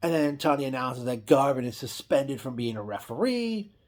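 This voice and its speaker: A man's voice: medium pitch, animated, normal speed. A man casually recapping an old wrestling event, rambling with frequent restarts and self-corrections.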